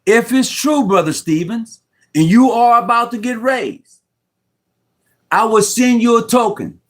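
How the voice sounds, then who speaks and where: Emotional high-voiced man on a video call. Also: a little slow, a bit bright. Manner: heartfelt, rambling, repeats himself, slangy. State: near tears. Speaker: Mason guest on a live stream. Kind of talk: emotional casual talk. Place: room at home.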